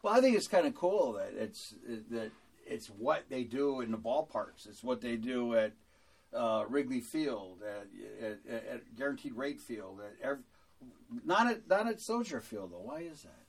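A man's voice: mid-range voice, big pitch swings, a little slow. A man hosting a podcast, chatty and joking as he asks his guest questions. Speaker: podcast host. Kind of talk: casual podcast interview.

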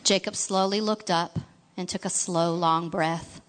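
A woman narrating a storybook in a gentle, expressive reading voice, now and then asking the listener questions. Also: fairly low pitch, unhurried.

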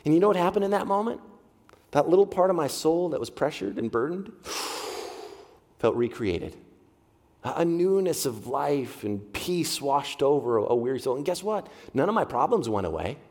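A man's voice: a little high, very animated, normal speed, a little mellow. A middle-aged man preaching a heartfelt sermon as a pastor, leaning on repeated phrases. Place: church sanctuary. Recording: long hall reverb.

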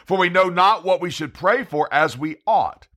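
A man's voice: high-pitched, expressive, normal speed, a bit bright. A man preaching a Bible study sermon, reading scripture aloud with emphasis. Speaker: evangelist preacher.

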